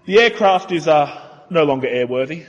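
A man voicing a calm male airline captain making a cabin announcement, in a flat tone with hesitant fillers. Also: on the high side, moderate pace, big-room sound, muffled recording, lightly acted.

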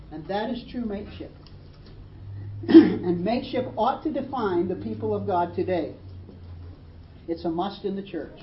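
A woman's voice: mid-range voice, dull audio. Woman, sermon, emphatic, roomy echo, faint room hum. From Australia. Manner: earnest, emphatic preaching with dramatic read quotes. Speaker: preacher.

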